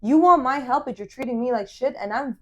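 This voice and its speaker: A young woman hosting a podcast, telling a dating story in casual chat, animated and swearing as she acts out the dialogue. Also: high-pitched, a little fast, muffled recording. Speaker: podcast host.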